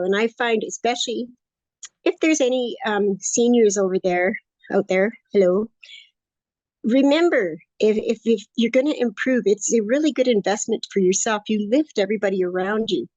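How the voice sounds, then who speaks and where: A woman's voice: medium pitch, normal speed, darkish tone, no echo. Older lady in her 60s chatting away, upbeat and rambly, dry muffled sound. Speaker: course student interviewee. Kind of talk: casual interview conversation.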